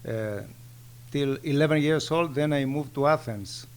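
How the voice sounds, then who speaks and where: A man in his sixties from Greece with a Greek accent, a guest in a casual interview, speaking in plain, halting sentences with simple grammar. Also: fairly high pitch, clean tone.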